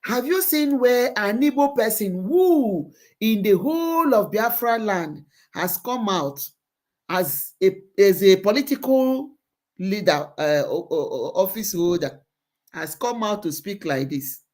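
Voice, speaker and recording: A woman's voice: mid-range voice, expressive, measured pace, a little mellow. A woman hosting a live online show, giving impassioned commentary and repeating phrases for emphasis.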